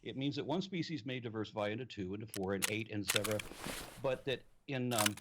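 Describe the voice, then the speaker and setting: A man's voice: lowish voice, quick pace, background noise. A man in a debate, explaining technical points and pressing his opponent with repeated questions. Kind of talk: debate argument.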